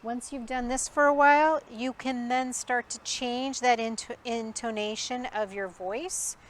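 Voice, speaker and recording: A woman dog trainer teaching outdoors. She explains the training in a calm, quiet, measured way. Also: a little high. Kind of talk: instructional dog training demonstration. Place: outdoors in a backyard. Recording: outdoor recording with faint background noise.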